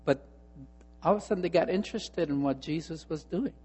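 A male pastor preaching a sermon, telling a story and moving between hushed asides and emphatic repeated phrases. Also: on the high side, brisk, breathy edge, big-room sound.

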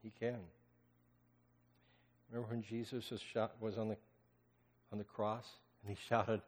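A man preaching a sermon as pastor, swinging between loud impassioned cries and hushed, almost whispered lines. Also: lowish voice, level tone, measured pace, long pauses. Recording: long hall reverb.

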